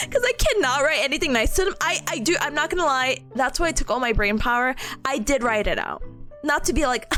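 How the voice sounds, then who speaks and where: Animated high-voiced young woman chatting. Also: normal speed, faint music behind. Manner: animated storytelling, acts out quoted voices, laughs often. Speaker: streamer. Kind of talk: casual chat stream.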